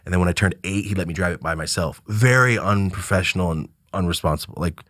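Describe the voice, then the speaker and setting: A man in his thirties from Oregon, telling a profane, animated story as a podcast guest. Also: low voice, fast talker, no room sound, studio quality. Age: 30s. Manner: animated, profane, breaks into loud excited outbursts.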